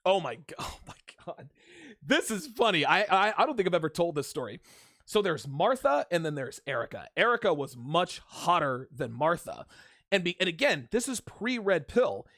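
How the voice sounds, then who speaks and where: A man with a fairly high, very lively voice talks straight to the camera from a solo home setup. He swears freely and restarts his sentences often. The sound is dry and close. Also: normal speed, no room sound. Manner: animated and profane, with frequent restarts. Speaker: host of a commentary channel. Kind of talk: casual storytelling and commentary monologue. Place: solo home studio with a fan nearby.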